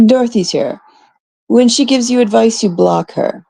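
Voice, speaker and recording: Woman from Canada, gravelly husky voice, blunt exasperated live-stream rant, curses freely. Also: mid-range voice, a little slow, long pauses, warm tone, dry recording. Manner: blunt, exasperated, swears freely, quotes others mockingly. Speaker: livestream host.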